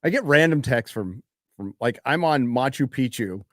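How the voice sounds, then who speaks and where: A man's voice: mid-range voice, lively intonation, moderate pace, a bit bright, no room sound, clean studio sound. A man hosting a casual live-stream chat, reading out donations with laid-back, chuckling asides. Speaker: show host reading out donations.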